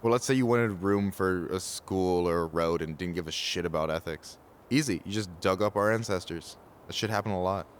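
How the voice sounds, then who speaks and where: A wry, loyal young man in a story game , voiced by an actor, with a low, deep voice. He talks bluntly and teases his friends in an easygoing way. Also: fairly quick, a little hiss or hum, lightly acted. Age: young adult. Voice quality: casual, blunt and teasing. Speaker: game character. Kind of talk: video game voice acting.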